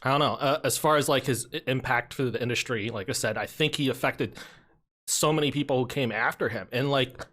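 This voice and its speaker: A man's voice: medium pitch, brisk, fairly bright tone. A man co-hosting a casual podcast chat, rambling with lots of fillers and restarts. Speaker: podcast co-host.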